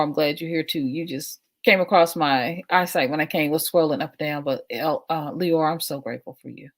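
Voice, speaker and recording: A middle-aged woman from the United States hosting a casual livestream, affirming and repetitive, often laughing. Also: deep voice. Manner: warm, affirming, repeats phrases, laughs often. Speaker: livestream host.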